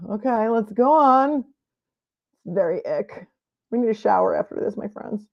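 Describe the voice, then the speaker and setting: A woman's voice: mid-range voice, takes it slowly, gravelly, dull audio. A woman streaming live commentary on a court trial, with sarcastic, skeptical asides.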